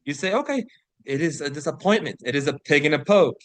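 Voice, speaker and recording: A man leads a vocabulary lesson in a slightly higher-than-average voice. He explains each word, reads example sentences and passages at a careful pace, and keeps asking "right?" to check on his listeners. The sound is dry and close. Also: fairly bright tone, dry recording. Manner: slows to read example sentences and passages aloud. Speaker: vocabulary teacher. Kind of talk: online English vocabulary lesson.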